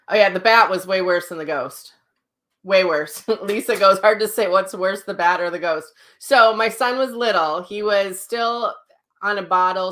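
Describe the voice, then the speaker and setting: A woman with an average-pitched voice hosts a live online class as a psychic medium. She is chatty and animated, tells stories with frequent laughter and answers viewers' comments. She speaks at home into a livestream mic. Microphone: livestream mic, sound sometimes cutting out.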